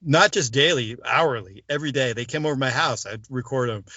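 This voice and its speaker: A man recounts his past in a casual interview, mid-pitched and lively as he acts out what others said. The recording is dry and a bit dull, like a modest lo-fi setup. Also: a little fast, no echo. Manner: animated storyteller acting out quoted voices. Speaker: interview guest, former mobster turned informant.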